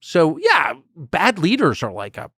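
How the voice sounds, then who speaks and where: Animated low-voiced man, gravelly edge. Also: unhurried, no room sound, clean studio sound. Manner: rambling, restarts and chuckles, lively swings in pitch. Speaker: podcast guest. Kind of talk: casual conversation.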